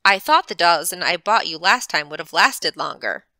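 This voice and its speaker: A woman's voice: on the low side, animated, normal speed, bright, forceful tone, no echo. A woman voicing a guarded teenage boy with clipped, matter-of-fact replies in a storybook reading.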